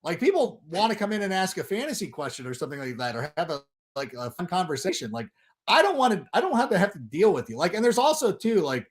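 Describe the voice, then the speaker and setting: Animated ranting man, lively pitch. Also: fast talker. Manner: animated, sarcastic ranting with loud mock quotes. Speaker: guest. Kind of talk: casual chat on a livestream.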